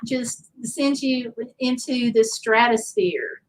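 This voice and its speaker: A woman's voice: mid-range voice, unhurried, rough recording. Woman, Southern accent, livestream host, chatty, reads chat aloud, light background noise. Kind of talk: casual livestream chat, reading viewer comments.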